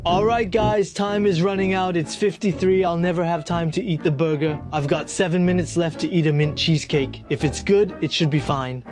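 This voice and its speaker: A man's voice: on the high side, fairly even intonation, normal speed, hardly any pauses. A young man vlogging a food challenge, tired and overfull, narrating with self-mocking jokes and dramatic complaints. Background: music.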